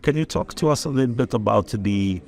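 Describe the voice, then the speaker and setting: A man hosting a podcast, asking questions in a halting way, searching for words. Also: medium pitch, animated, vocal fry. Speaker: podcast host, English teacher. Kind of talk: interviewing.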